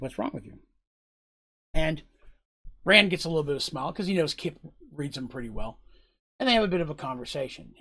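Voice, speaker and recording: Husky-voiced man retelling a tabletop session, conversational and rambling. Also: fairly high pitch, a bit bright. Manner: conversational, rambling, with frequent fillers. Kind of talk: recounting a tabletop game session.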